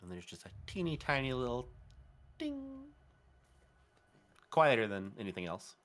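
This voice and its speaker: A man narrating a tabletop game as game master, in a playful, animated way. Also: mid-range voice, fast talker.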